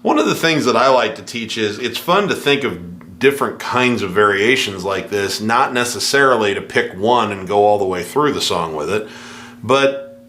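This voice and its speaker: A man teaching a piano lesson, scatting rhythms in nonsense syllables to show the feel, relaxed and easygoing. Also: fairly low pitch, moderate pace. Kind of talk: music lesson with spoken rhythm demos.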